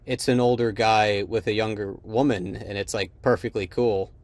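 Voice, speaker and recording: A man's voice: fairly low pitch, steady tone, normal speed, a little mellow, no echo. Guy co-hosting a movie podcast, rambles a lot, dry close sound. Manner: rambling, many restarts and fillers. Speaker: podcast co-host. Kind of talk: casual film chat.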